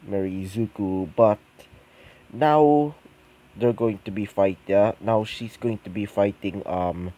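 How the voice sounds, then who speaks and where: A man's voice: lowish voice, slow pace, dark tone, poor audio. A man improvising a fan-fiction story, hesitant and full of ums and restarts.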